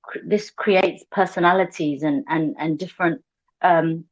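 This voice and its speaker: A woman with a London English accent speaks in a low voice. She talks as a guest caller in an audio chat room. Her thoughts come out in halting pieces, with restarts and fillers. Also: steady tone, muffled recording. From London, England. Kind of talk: casual chat.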